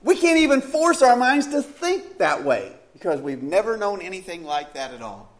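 Male preacher, high lively voice, chatty storytelling sermon full of rhetorical questions. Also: normal speed.

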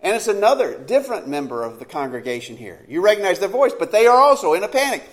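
Male preacher, high lively voice, chatty storytelling sermon full of rhetorical questions. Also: quick pace, hardly any pauses.

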